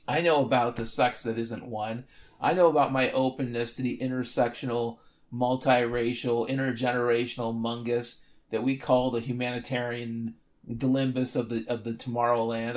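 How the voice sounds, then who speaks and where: A man's voice: medium pitch, flat delivery, normal speed. A man hosting a solo podcast, talking in a rambling, sardonic and profane way. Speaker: podcast host.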